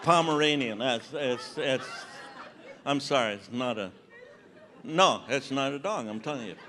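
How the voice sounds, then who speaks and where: A man's voice: mid-range voice, animated, a little slow, a crowd in the background, noisy background. A man in his seventies performing stand-up comedy on a conference stage, bantering and teasing the audience. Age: 70s. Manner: conversational, teasing audience members. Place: large conference hall stage.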